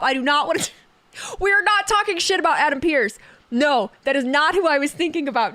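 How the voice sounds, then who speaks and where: A woman's voice: high-pitched, lively intonation, fairly quick, pushed and bright, no echo. A young woman chatting casually on a live stream, sarcastic and talkative, reading chat messages aloud.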